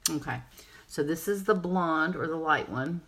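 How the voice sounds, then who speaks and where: A woman's voice: sits low, unhurried, a bit bright, slightly rough. A woman giving a casual live makeup tutorial, chatty and rambling as she answers viewer comments. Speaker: makeup seller and presenter.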